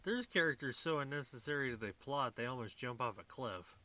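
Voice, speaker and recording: A man's voice: mid-range voice, lively intonation, a little fast, pushed and bright, no echo. A man co-hosting a casual movie podcast, cracking wry jokes and swearing. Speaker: podcast co-host. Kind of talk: casual movie-recap chat.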